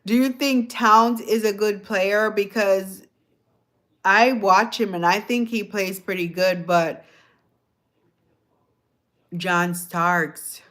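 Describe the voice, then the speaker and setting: A woman with a light Jamaican accent hosts a livestream, speaking slowly in a steady, slightly bright, medium-pitched voice with long pauses. She chats loosely with her live audience, chuckling frequently and posing questions.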